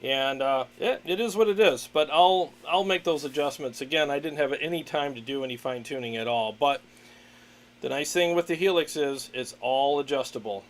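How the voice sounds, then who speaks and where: A man hosts a casual livestream, talking through his gear and greeting viewers in a relaxed, chatty way. He fills pauses with "um" and "uh" and laughs often. His voice sits a bit high for a man. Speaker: livestream host, guitarist.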